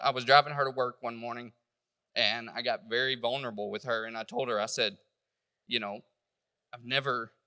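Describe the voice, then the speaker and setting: A man giving a personal church testimony, halting and emotional, stumbling over his words. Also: medium pitch, sharp tone, long reverb tail.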